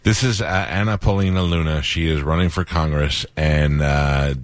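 A man from New York hosting a radio interview, prompting his guest with quick interjections and jokey asides. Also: extremely low pitch, fairly even intonation, no room sound. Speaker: radio show host. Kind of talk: casual interview chat.

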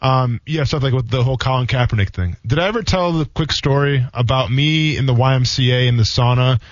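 A man in his thirties, once a football player, co-hosts a sports radio show, his medium-pitched voice racing through rambling stories packed with fillers. The talk is casual, picked up on a studio microphone with a dull, dry radio-studio sound.

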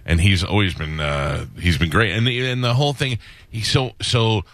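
Male radio host, low pitch, casual joking banter, dry studio. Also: normal speed, fairly bright tone, dry recording. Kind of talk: casual radio interview chat.

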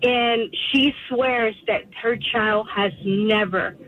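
A woman's voice: a little high, steady tone, takes it slowly, a crowd in the background. A woman calling into a radio show, telling a story hesitantly with many fillers over a tinny phone line. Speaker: caller. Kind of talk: casual phone chat.

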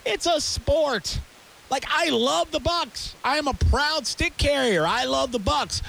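Male sports radio host, high, lively voice, heated ranting delivery. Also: a little slow, creaky, slight background noise. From Tampa area. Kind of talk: sports talk rant.

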